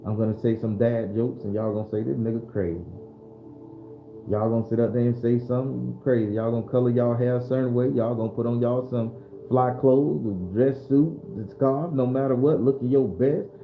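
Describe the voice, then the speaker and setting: A man's voice: medium pitch, fairly even intonation, brisk, dark tone, reverberant, faint music behind. A man hosting a casual live-streamed spiritual talk, loose and preachy, speaking straight to his viewers. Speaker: spiritual livestream host.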